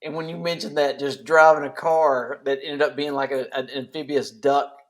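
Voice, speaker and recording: A man's voice: medium pitch, fairly even intonation, normal speed. A man in casual podcast chat as a guest, joking and rambling loosely.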